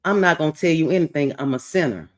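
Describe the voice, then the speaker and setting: A woman's voice: sits low, quick pace, close to an everyday voice. A woman voicing God as a blunt, reassuring male deity who talks firmly and plainly. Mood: firm reassurance. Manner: firm, scolding, plain-spoken.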